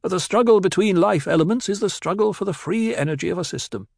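Man doing a calm, lecturing desert ecologist. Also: high voice, vocal fry, dry recording, studio quality, voice pushed up. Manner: lecturing, cool and measured.

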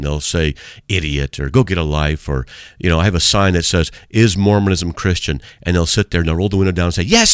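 A man's voice: sits low, no echo, clean studio sound. A man hosting a radio talk as a street evangelist, preaching in a fervent, repetitive, emphatic way.

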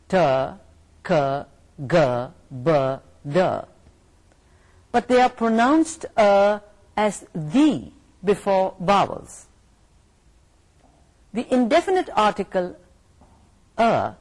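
Slow, lively-toned Pakistani woman lecturing. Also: deep voice. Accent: Pakistani English. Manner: slow, deliberate, repeats and rephrases points. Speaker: university English lecturer. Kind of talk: recorded lecture.

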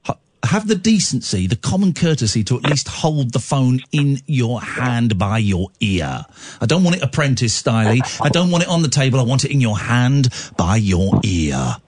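A man's voice: medium pitch, very animated, normal speed, husky. A man hosting a late-night radio phone-in, teasing and arguing with his callers.

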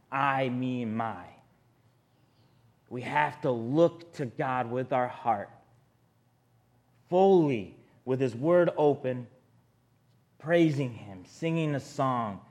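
A man's voice: medium pitch, darkish tone. A man preaching a sermon in an earnest, conversational way, often speaking straight to his listeners.

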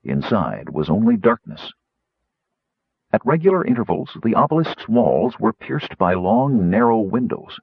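A man narrating an audiobook with expressive storytelling. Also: on the low side, measured pace, husky, no echo. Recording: slightly muffled recording.

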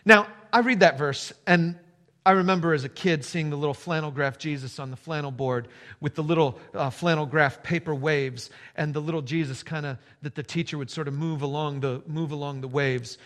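A man's voice: fairly high pitch, moderate pace, fairly bright tone. A man preaching a sermon as a pastor, telling the story with repeated phrases and building emphasis. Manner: storytelling with rising emphasis and repetition.

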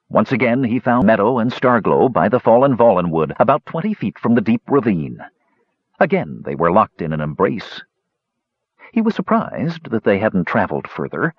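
Guy reading a story out loud, husky, really lively ups and downs, dull dry audio. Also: lowish voice, dry recording. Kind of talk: storybook narration.

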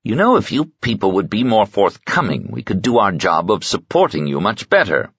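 A man's voice: lowish voice, big pitch swings, moderate pace, slightly rough, no room sound, lo-fi sound, pitched above the performer's own voice, heavily acted. A man voicing a curt, anxious male consul who speaks sharply, reading an audiobook. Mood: tense. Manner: sharp, clipped.

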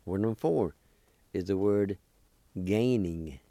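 With a low-pitched, dark voice and a slow pace, a man from Oklahoma teaches a language over the radio. He patiently spells words letter by letter and repeats every syllable, recorded without echo.

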